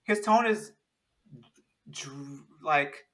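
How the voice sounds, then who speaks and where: A man talking in a casual, animated chat, rambling with many restarts. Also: on the high side, extremely slow, poor audio.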